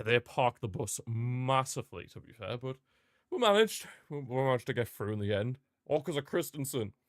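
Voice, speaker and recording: A man's voice: medium pitch, no room sound, studio quality. A young man, chatting casually and reacting aloud while he watches a football match live.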